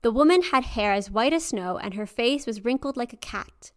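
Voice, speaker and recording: A woman co-hosting a podcast, reading a folktale aloud and chatting between passages in a lively way, laughing easily. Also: on the high side, normal speed. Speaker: podcast co-host and storyteller. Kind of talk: story reading and casual chat.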